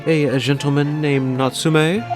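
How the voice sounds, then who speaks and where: A man's voice: on the high side, steady tone, measured pace, music in the background, pitched above the performer's own voice, close to an everyday voice. A man voicing a theatrical male lodger who talks in archaic, stage-like speech while playing a game. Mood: declaiming. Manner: grand, archaic stage declaiming. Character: theatrical male lodger forever quoting old plays.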